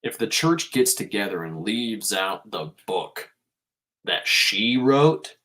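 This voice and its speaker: A man's voice: lowish voice, very animated, slow pace, pushed and bright. A man hosting a podcast, giving a casual spiritual monologue in an emphatic way and swearing freely.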